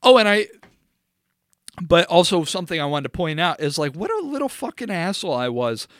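Casual podcast co-host, young man, smooth, slightly high voice, dry close mic, swears freely and rambles. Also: sing-song, fairly quick, a bit bright, no echo. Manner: profane, rambling, laughs through his stories. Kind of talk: casual storytelling chat.

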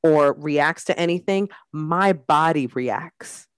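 A woman's voice: deep voice, takes it slowly, clean tone, no room sound, clean studio sound. A woman podcast host and mother talking in a blunt, candid casual chat, leaning on "like" as she makes her points. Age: adult mother.

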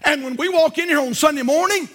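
Fervent high-voiced preaching man. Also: quick pace. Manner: fervent, swings between shouting and low asides. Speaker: pastor. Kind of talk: sermon. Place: church sanctuary.

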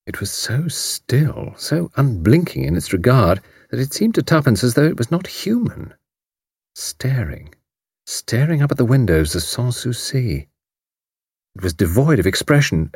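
A man narrating an audiobook in a measured, expressive reading style, close to the mic. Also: mid-range voice, husky, dry recording. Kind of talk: scripted narration.

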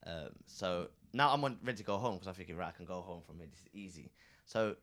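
A low-pitched man who talks fast, a cab driver who also co-hosts a podcast, tells a story in casual, slangy chat. He's animated and laughing, acting out the voices of the people in it.

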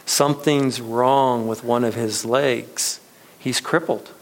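A man's voice: mid-range voice, fairly even intonation, slow pace. A man voicing a blunt, matter-of-fact shop owner in a told story. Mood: dismissive. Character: blunt middle-aged male shop owner.

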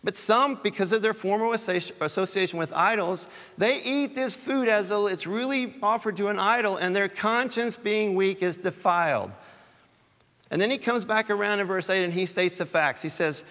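A man's voice: sits high, moderate pace, fairly bright tone, in a large hall. A man, a church elder, preaching a conversational sermon, often repeating words and rising to emphatic peaks.

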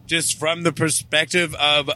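A man's voice: fairly high pitch, little pitch movement, unhurried, pushed and bright. A man hosting a casual, joking podcast chat from inside a moving car. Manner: joking, sings song snippets. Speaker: podcast host. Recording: light road noise.

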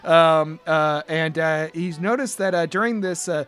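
A man narrating a tabletop role-playing game as game master, halting often with fillers and restarts. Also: fairly high pitch, fairly bright tone, soft background music. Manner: halting, full of uhs and restarts.

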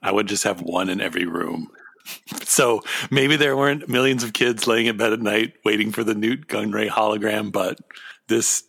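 A man's voice: lowish voice, moderate pace, vocal fry, a bit bright, husky. A man co-hosting a casual comedy chat, joking, riffing and laughing often. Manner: joking, laughs often, riffs on absurd ideas. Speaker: podcast co-host.

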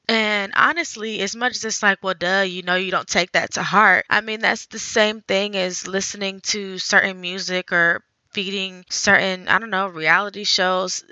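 A woman hosting a faith podcast, talking earnestly in a conversational way, thinking out loud. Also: medium pitch, dry recording, lo-fi sound. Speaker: podcast host.

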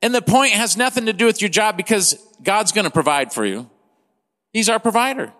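A man's voice: sits high, lively intonation, fairly quick. Impassioned male pastor preaching in a reverberant hall. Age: 50s. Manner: impassioned, swings between loud and hushed. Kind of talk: sermon.

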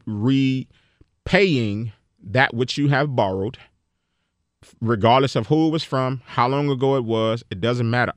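A man's voice: medium pitch, no echo. A man hosting a podcast on personal finance, talking casually and earnestly, preaching and often repeating himself. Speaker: podcast host.

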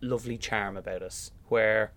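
A man's voice: fairly low pitch, fairly even intonation, moderate pace, fairly bright tone. A young Irish man, a musical theatre actor, chatting in an interview and acting out little voices in his stories. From Ireland. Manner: chatty storyteller, acts out voices in anecdotes. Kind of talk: casual interview chat.

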